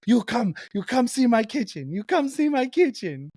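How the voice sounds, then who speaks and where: A woman's voice: on the high side, sing-song, moderate pace, dark tone, dry recording, clean studio sound, pitched above the performer's own voice. A man putting on a gushing old Italian grandma. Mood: eager. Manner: terrible put-on Italian accent, exclaiming.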